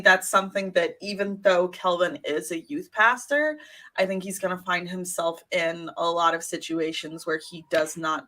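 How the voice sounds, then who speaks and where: A woman's voice: low-pitched, fairly bright tone. A woman co-hosting a casual TV review chat, retelling favorite scenes and laughing often. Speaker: podcast co-host.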